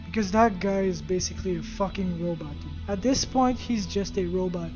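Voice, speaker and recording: A gaming video creator casually recapping a game story, animated and profane, throwing in spoken sound effects. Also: mid-range voice, a little fast, lo-fi sound, over music.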